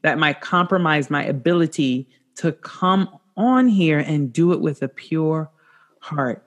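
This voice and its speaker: High-voiced earnest male interview host. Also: expressive, unhurried, fairly bright tone. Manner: earnest, emphatic, repeats for stress. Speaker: podcast host. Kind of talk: casual interview chat.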